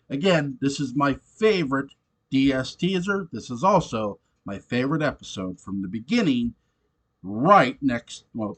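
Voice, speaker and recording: A man casually reviewing a TV episode, animated and swearing often, laughing between points. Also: medium pitch, breathy edge. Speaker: show reviewer.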